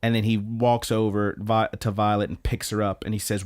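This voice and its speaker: A man's voice: fairly low pitch, little pitch movement, a little fast. A man co-hosting a podcast, casually retelling an anime episode with fillers and quoted lines. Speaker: podcast co-host. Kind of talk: casual chat recapping an anime.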